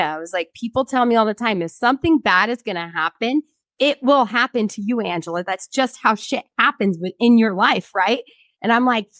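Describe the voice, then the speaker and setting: A woman's voice: mid-range voice, lively intonation, moderate pace, fairly bright tone, dry recording. A woman in her thirties, a guest in an interview, telling a personal story bluntly and with frequent swearing, acting out what other people said.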